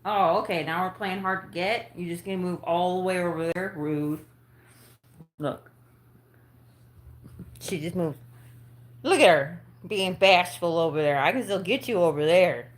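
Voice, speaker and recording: A woman's voice: on the low side, measured pace, pauses often, a bit bright. A woman host chatting casually on a livestream while she plays with her dog, laughing and cooing baby talk into a phone on a stand.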